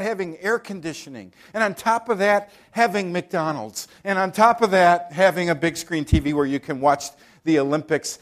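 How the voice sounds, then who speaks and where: A man preaching a sermon, emphatic, asking the congregation rhetorical questions and mocking attitudes in quoted voices. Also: high voice.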